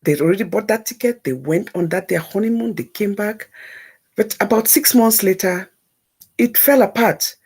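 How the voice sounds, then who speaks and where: A woman telling an emotional personal story as a talk-show guest, animated and repeating phrases for emphasis. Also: mid-range voice, moderate pace, husky.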